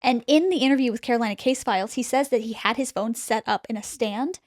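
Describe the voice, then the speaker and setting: A woman hosting a podcast, telling a spooky story in an animated, casual way and acting out the quotes. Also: fairly high pitch, fast talker, no room sound, clean studio sound. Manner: animated retelling, acts out quotes. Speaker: podcast host.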